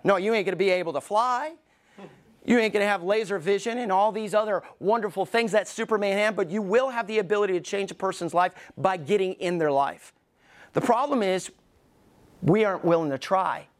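A middle-aged man preaching a sermon as pastor in a church, emphatic, with pauses, and acting out the voices he quotes. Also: sits high. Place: church sanctuary.

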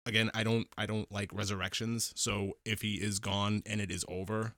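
Low-voiced man rambling in casual chat. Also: little pitch movement, normal speed, fairly bright tone, dry recording. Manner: rambling, repeats his words while thinking. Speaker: podcast co-host.

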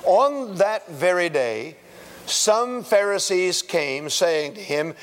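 A man's voice: high voice, sing-song, slow, in a large hall. A man preaching a sermon as pastor, in a conversational way with folksy asides and rhetorical questions.

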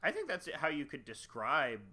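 Bright-voiced man, jokey co-host. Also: on the high side, wildly swooping pitch, moderate pace. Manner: jokey, opinionated. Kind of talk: casual movie review chat.

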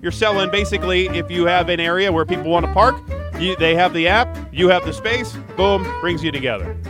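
With music playing in the background, a podcast host with a high voice talks briskly. He's upbeat and chatty, laughs easily, and reads out a call-in number before plugging next week's show on his casual podcast.

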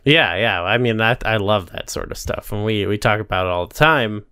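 A man's voice: on the low side, moderate pace, smooth, dry recording, studio quality. A man co-hosting a podcast, talking casually and a bit hesitantly about a show. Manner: relaxed, hesitant with fillers. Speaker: podcast co-host. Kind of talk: casual chat reviewing a show.

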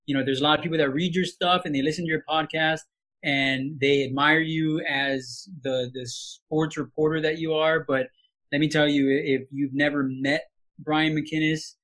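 A man's voice: a little high, steady tone, normal speed, a bit bright. A man in his late thirties from Hawaii, a sportscaster telling heartfelt stories as a podcast guest, with frequent restarts. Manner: heartfelt storytelling with many restarts. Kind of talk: casual podcast interview.

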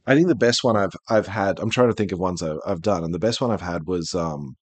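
A man hosting a podcast in casual chat, talking in an animated, rambling way with frequent restarts. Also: deep voice, fairly quick, breathy edge, no room sound. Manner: rambling, animated, self-interrupting. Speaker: podcast host.

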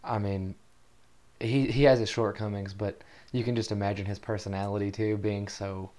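Relaxed man reflecting on scripture. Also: fairly low pitch, normal speed. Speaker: Bible study podcast co-host. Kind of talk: casual Bible discussion.

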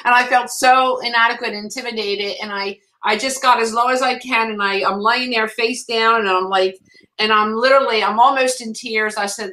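Bright-voiced woman telling a halting testimony. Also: on the high side, low-quality recording. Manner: emotional, halting, with frequent restarts. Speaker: guest author. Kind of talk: testimony in a faith interview.

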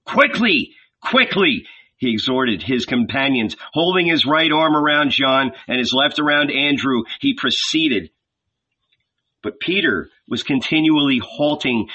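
A man narrating a novel aloud in a slow, measured reading with many pauses. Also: on the high side, sharp tone. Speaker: audiobook reader. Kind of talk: scripted literary narration. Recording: dull lo-fi recording.

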